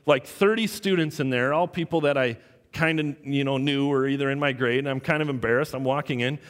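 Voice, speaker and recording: A man preaching a sermon, telling a personal story with animated quoted voices. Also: mid-range voice, brisk. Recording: long hall reverb.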